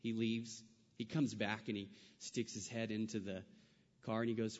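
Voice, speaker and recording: A man from California preaching a sermon, mixing animated storytelling asides with slow, emphatic preaching. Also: lowish voice, long reverb tail, muffled recording. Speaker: pastor.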